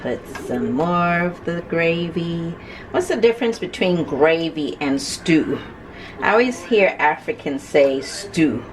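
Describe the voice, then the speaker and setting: A deep-voiced mother who came to the US from abroad at about sixteen chats playfully with her family at home for a vlog, laughing often. Clear background music sits under her voice, along with a little hiss or hum.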